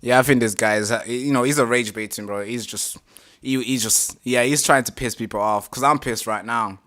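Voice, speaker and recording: A man hosting a live reaction stream, talking casually, animated and exasperated, swearing freely. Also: medium pitch, normal speed.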